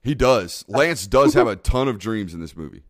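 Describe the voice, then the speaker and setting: A man co-hosting a podcast in casual chat, rambling and excitable, often laughing. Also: lowish voice, moderate pace, dry recording, clean studio sound. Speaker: podcast co-host.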